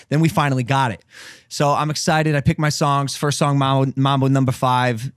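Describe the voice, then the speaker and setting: A young man in his twenties hosting a podcast, telling stories in an animated, casual way with swearing. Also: fairly high pitch, a little fast, no room sound, clean studio sound. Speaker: podcast host. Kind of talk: casual chat.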